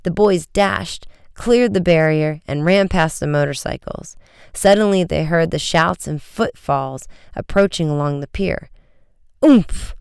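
An audiobook narrator with a very smooth, resonant voice telling an adventure story at a brisk clip. The recording is close and dry, with no room sound around it. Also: mid-range voice, dry recording. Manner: brisk, vivid storytelling with raised shouts for dialogue.

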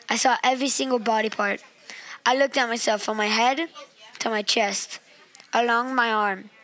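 Bright-voiced woman reading her own story. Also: fairly high pitch, rough recording. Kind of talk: reading a personal story aloud.

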